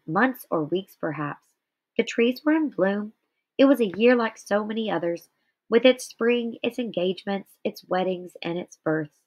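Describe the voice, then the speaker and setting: A tired, yawny woman teacher doing a guided reading aloud, with explanations to her students. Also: mid-range voice. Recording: slightly dull lo-fi recording.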